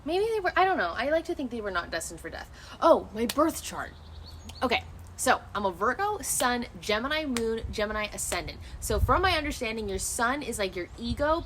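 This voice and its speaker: A woman's voice: medium pitch, a little fast, a little hiss or hum. A young woman streaming outdoors, talking casually to her viewers in a loose, rambling way that often restarts and swears freely. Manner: rambling and animated, with many restarts. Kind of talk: casual chat.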